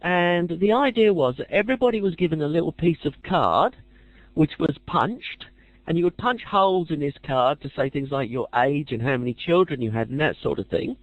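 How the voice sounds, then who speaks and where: Lively chatty male lecturer. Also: fairly high pitch, moderate pace, no room sound, dull audio. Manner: chatty with dry jokey asides. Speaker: teacher. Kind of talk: casual lecture.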